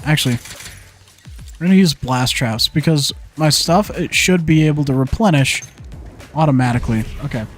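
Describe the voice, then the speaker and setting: Young guy streamer cussing at zombies, kinda high voice, goes from muttering to yelling, quiet music under it. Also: normal speed. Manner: frustrated, swearing, talking to the game; flips between mumbled asides and yelled outbursts. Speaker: gaming streamer. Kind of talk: live gameplay commentary.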